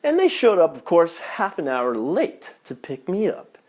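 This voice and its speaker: A man's voice: a little high, a little slow. A man telling a comic travel story in a vlog, swearing often and sounding exasperated at his own punchlines. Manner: profane, exasperated, animated punchlines. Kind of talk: comedic storytelling.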